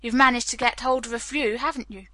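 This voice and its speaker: A woman's voice: a little high, fairly even intonation, quick pace, pushed and bright, no echo. A woman reading a blunt, demanding police captain. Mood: stern. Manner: hard, demanding questions.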